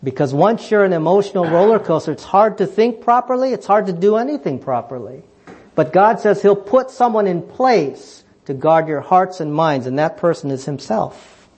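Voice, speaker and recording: A male preacher delivering a sermon in a fairly high voice. He presses his points with rhetorical questions and climbs into fervent emphasis before dropping to low, quiet remarks. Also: animated, moderate pace.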